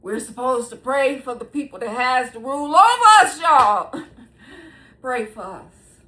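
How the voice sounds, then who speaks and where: High, lively woman in her sixties. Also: unhurried. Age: 60s. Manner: laughs often between sentences; talks straight to viewers, animated and emphatic. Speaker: host. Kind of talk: casual monologue to camera.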